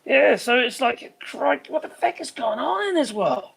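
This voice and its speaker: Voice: high-pitched, expressive, normal speed, vocal fry, fairly bright tone, breathy edge. Exasperated streamer, swearing freely. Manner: swears freely, exasperated, trails off searching for names. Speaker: live stream host. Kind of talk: rambling live commentary.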